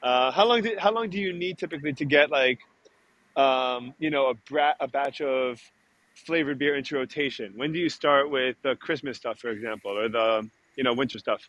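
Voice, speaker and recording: A man's voice: medium pitch, normal speed, fairly bright tone, dull audio. Joking, chummy podcast host man. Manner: joking and chummy, says "dude" often. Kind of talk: casual podcast chat.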